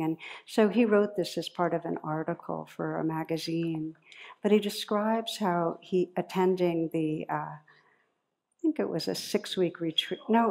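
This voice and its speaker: Woman meditation teacher, lowish warm voice, gentle and unhurried, dharma talk vibe.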